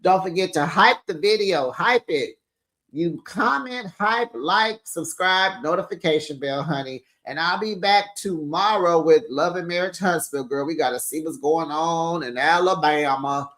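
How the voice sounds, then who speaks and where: A sassy reality TV recap host chatting casually to the viewers and calling them besties and honey. The voice sits at a middle pitch, and the host acts out the cast's quarrels with dramatic flair. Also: measured pace, a bit bright.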